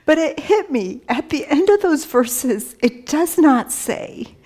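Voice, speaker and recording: A woman giving a personal testimony talk. She tells the story conversationally with many fillers, quoted dialogue, soft laughs and hushed whispers. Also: high voice, sing-song, takes it slowly. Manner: many fillers like "you know" and "like".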